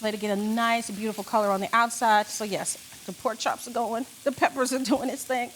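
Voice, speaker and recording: A woman's voice: on the high side, steady tone, brisk, slight background noise. A woman chef doing a cooking demonstration in a studio kitchen, upbeat and gushing. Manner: upbeat, gushing, says "beautiful" a lot.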